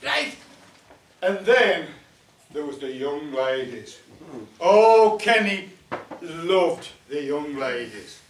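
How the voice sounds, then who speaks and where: A man's voice: on the high side, very animated, very slow, pauses often, slight background noise. An older man telling a funny story to a folk club audience in a chatty, joking way, with dialect turns of phrase. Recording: echoey room, mic at a distance.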